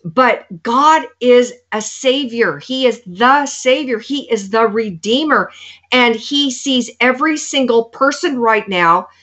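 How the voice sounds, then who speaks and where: A woman's voice: on the high side, expressive, takes it slowly, a bit bright. A woman giving an earnest, preaching testimony, quoting scripture along the way. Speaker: guest. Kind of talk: sermon-like testimony. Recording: dull lo-fi sound.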